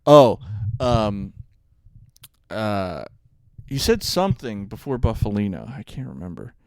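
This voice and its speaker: A man's voice: on the low side, sing-song, measured pace, darkish tone, no echo, studio quality. A young man co-hosting a podcast, telling rambling stories in casual chat and laughing often. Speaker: podcast co-host.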